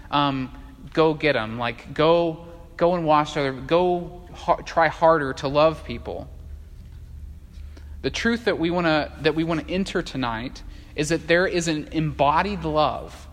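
Man preaching in a reverberant church. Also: fairly high pitch. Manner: conversational, animated preaching with many fillers and restarts. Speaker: pastor. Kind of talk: sermon. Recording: long hall reverb.

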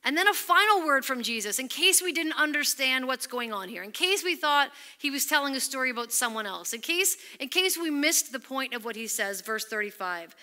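Bright-voiced woman preaching an earnest sermon. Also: high-pitched, expressive, a little fast, hardly any pauses. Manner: earnest, emphatic, drops to near-whisper on scripture. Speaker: pastor.

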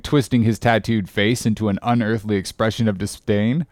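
A man narrating a classic sea story in an expressive, dramatic reading voice. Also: fairly low pitch, normal speed, few pauses, dry recording, studio quality. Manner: expressive, rising with the action. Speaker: audiobook narrator.

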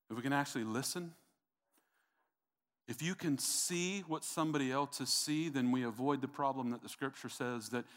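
A man's voice: mid-range voice, a bit bright. Emphatic preaching man, middle-aged. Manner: emphatic, repetitive preaching with calls to the congregation. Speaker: pastor. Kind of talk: sermon.

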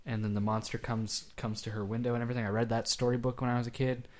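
A man co-hosting a podcast, chatting about childhood stories in quick remarks. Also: mid-range voice, little pitch movement. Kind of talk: casual banter.

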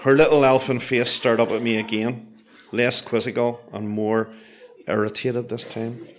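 A man telling a comic personal story with dry, self-mocking, deadpan asides. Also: mid-range voice, moderate pace, slight background noise.

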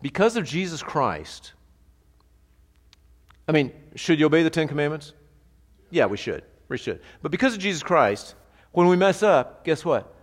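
A pastor teaching a sermon in a conversational, animated way, asking the congregation rhetorical questions. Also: male voice, a little high, moderate pace, big-room sound.

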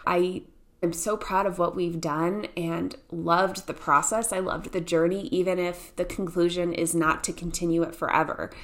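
A woman's voice: on the low side, fairly even intonation, moderate pace. A woman from Indiana with a Midwestern accent, hosting a solo podcast in a chatty, storytelling way and laughing often. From Indiana, USA. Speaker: podcast host. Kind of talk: casual solo podcast talk.

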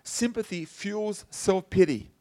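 A man's voice: sits high, slow pace, warm tone. A middle-aged man preaching a conversational sermon, telling personal stories and checking in with his listeners by asking "okay?". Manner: chatty and personal, tags points with "okay?" and "you know". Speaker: pastor.

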